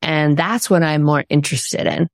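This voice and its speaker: Low-voiced earnest woman guest. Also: normal speed, vocal fry, no echo, clean studio sound. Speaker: author guest. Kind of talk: reflective interview talk.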